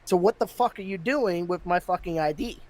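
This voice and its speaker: A man's voice: sits high, a little fast. A man hosting a podcast, telling a story in casual chat and getting heated, with plenty of swearing. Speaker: podcast host.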